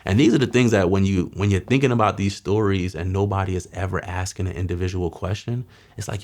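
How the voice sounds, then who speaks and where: A man, telling his life story in a streetwise, slangy way, often dropping quiet at heavy moments. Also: sits low, steady tone, quick pace. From Mount Vernon, New York. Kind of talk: candid testimony.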